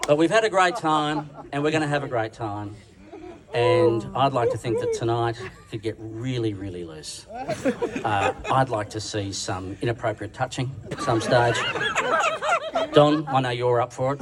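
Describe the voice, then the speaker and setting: A man's voice: mid-range voice, sing-song, unhurried, over a noisy crowd. An Australian man giving a comic roast speech at a dinner, teasing and slangy in an irreverent way. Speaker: roast speaker. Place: dinner function room. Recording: distant mic with background noise.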